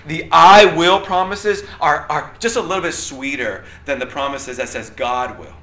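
A man's voice: a little high, normal speed, sharp tone. A man leading a casual Bible lesson, chatty and often checking in with the class. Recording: roomy echo, faint room noise.

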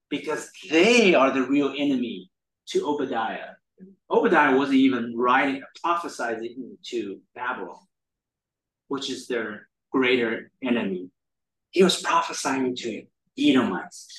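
A man's voice: medium pitch, fairly bright tone. A man leading a Bible study in a casual teaching style, rambling with many ums and restarts. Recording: roomy sound from a distant mic.

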